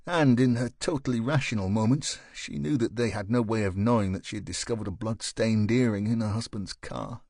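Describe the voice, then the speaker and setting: A man narrating a thriller audiobook in a measured, even way. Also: fairly low pitch, no echo, clean studio sound.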